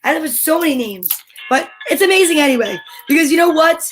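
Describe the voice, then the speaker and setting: Bubbly high-voiced woman hosting kids' livestream. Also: lively intonation, fast, faint music behind. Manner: bubbly, sing-song, reads viewer comments aloud. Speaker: livestream storytime host. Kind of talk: chatty livestream for kids.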